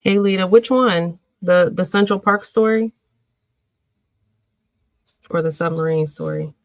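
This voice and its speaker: A woman's voice: lowish voice, a little slow, dry recording, poor audio. Chatty woman hosting a livestream. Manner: chatty, reads and answers viewer comments. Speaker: livestream host. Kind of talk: casual livestream chat.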